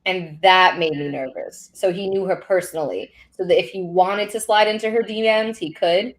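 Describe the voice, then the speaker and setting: A woman co-hosting a live podcast, telling personal stories in casual, animated chat. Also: lowish voice, moderate pace, rough recording. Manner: animated storytelling with laughs. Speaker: podcast co-host. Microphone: studio podcast mic.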